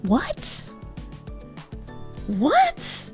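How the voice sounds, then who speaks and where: Bubbly high-voiced Boston woman. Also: very slow, soft background music. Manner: animated, laughs often, crude jokes. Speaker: streamer. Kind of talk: casual chat, reading chat aloud.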